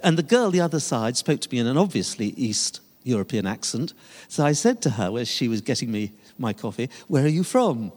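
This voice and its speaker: A man's voice: medium pitch, expressive, a little fast, a little mellow. An older man, a pastor, preaching a sermon with emphatic, rising and falling delivery. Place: church sanctuary. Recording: long reverb of a large church hall.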